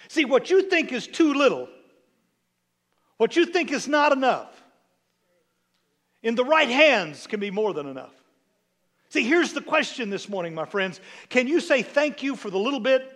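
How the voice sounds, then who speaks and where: A man preaching a sermon as a bishop, reading scripture quietly and then building to emphatic, repeated appeals to the congregation. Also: high-pitched.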